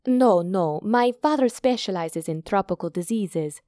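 A woman voicing a caring young woman, a doctor's daughter, who asks gentle but insistent questions. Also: mid-range voice, animated, a little slow, no echo, studio quality, lightly acted.

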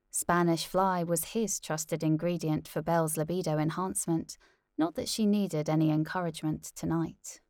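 A woman narrating a novel aloud in a measured, deliberate way. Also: fairly low pitch, darkish tone, dry recording, studio quality.

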